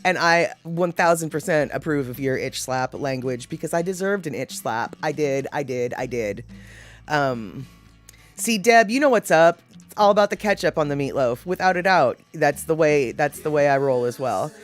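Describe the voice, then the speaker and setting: A woman's voice: low voice, expressive, moderate pace, faint music behind. A woman hosting a casual live show, chatting with viewers in a self-deprecating, opinionated way. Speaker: live show host answering viewer comments. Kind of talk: casual chat.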